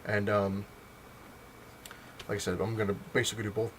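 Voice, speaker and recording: Man, low voice, rambling casual comic review with a lot of fillers; faint hiss in the recording. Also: little pitch movement, normal speed, low-quality recording. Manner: rambling, lots of fillers and retold dialogue. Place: home, on a couch.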